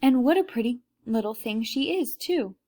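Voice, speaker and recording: A woman's voice: a little high, animated, normal speed, dark tone. A woman doing a jittery sidekick crook. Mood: jumpy. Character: nervous male sidekick thief.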